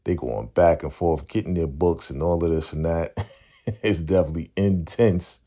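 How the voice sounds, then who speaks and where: Very deep-voiced man recapping a show. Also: normal speed, mellow. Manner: laid-back, conversational, often tags sentences with "right?" and acts out lines. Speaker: TV recap channel host. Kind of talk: casual TV episode recap.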